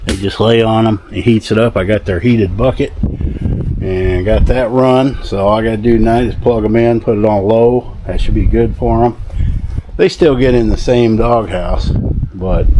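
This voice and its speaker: Working outside on his rural land, a vlogger from the American South gives casual, folksy narration in a mellow, fairly low voice. His intonation stays fairly even and his pace normal, with a little hiss or hum in the recording. He's easygoing and talks to animals.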